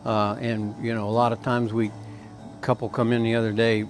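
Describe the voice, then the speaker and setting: A man's voice: lowish voice, flat delivery, normal speed, faint music behind. A man with a Tennessee accent, a country store owner, telling stories casually in a folksy, rambling way with many fillers. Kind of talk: casual storytelling.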